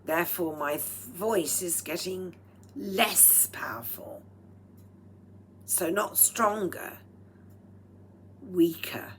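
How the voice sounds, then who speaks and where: A woman vlogging at home with a throaty, strained voice, speaking in a slow, deliberate and slightly formal way and often dropping into breathy whispered asides. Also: on the low side, a little hiss or hum. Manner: proper, slightly formal phrasing. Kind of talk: rambling personal vlog monologue. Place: at home while cooking. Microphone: speaking into a microphone.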